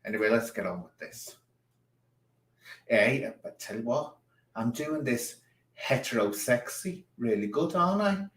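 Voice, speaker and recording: A man's voice: mid-range voice, big pitch swings, normal speed. Sarcastic man riffing in an echoey room. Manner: sarcastic, theatrical. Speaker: streamer reacting to a video. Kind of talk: mocking reaction commentary.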